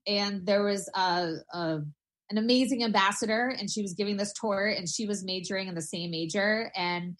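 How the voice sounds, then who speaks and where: A woman in her forties from New Hampshire speaks as an interview guest. She tells her story in a chatty, energetic way, at a mid pitch. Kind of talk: casual interview.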